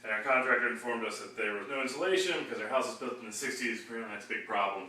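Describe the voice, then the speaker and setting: A man's voice: on the low side, quick pace, hardly any pauses, bright, forceful tone. Man, casual wry tour, echoey room, mic far off, faint background hiss. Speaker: husband showing house damage. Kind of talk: casual home video tour. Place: downstairs room of a house. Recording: roomy and distant home video.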